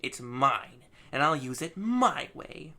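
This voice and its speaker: A man's voice: on the high side, big pitch swings, slow, exaggerated voice. Man doing a brash, cocky young cyborg girl. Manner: taunting, loud outbursts.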